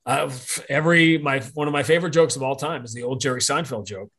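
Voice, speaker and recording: A man speaks at a middle pitch as a podcast guest. His talk is rambling and opinionated, with many restarts and self-corrections as he works through his point. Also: steady tone, quick pace, fairly bright tone. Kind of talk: casual podcast conversation.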